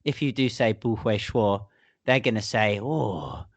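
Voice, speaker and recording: A man's voice: on the low side, lively intonation, normal speed, no room sound. A man hosting a casual podcast chat, jokey and chatty, speaking directly to listeners. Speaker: podcast host.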